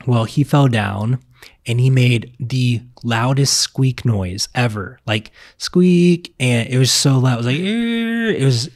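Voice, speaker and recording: A man's voice: mid-range voice, darkish tone. A young man from Virginia talks casually at home and rambles through his stories. He often stops to correct himself. His voice sits in a middle range and sounds dry, with no room echo. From Virginia, US South. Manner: rambling, self-correcting storyteller. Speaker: vlogger. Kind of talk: casual chat. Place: home, indoors.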